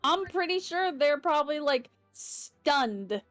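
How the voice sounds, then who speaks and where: High-voiced argumentative woman player. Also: animated, slow pace, a bit bright, no room sound, soft background music. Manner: argumentative, blunt, joking. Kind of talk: casual tabletop game chat.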